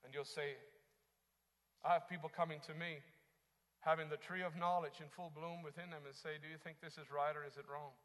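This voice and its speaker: A man preaching a sermon as pastor, moving from quiet teaching into impassioned shouting. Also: a little high, level tone, fairly quick, big-room sound.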